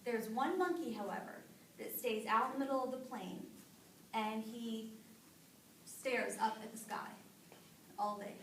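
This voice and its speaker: A young woman with a slightly high voice tells a folk tale to a live group, speaking at normal speed with long pauses. She sounds chatty and animated, with fillers. She's off-mic in an echoey room, and there's a little hiss or hum.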